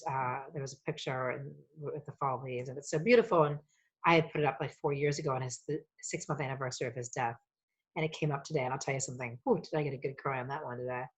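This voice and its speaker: A woman guest on a coaching podcast, telling personal stories in an animated, emotional way, swearing freely and rambling as she goes. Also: extremely low pitch, slightly rough. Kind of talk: casual storytelling conversation.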